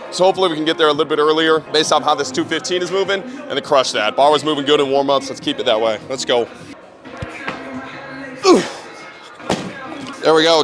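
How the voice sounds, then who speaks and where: A young man filming a gym training vlog as a strength coach, hyped and talking between lifts, often swearing. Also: on the high side.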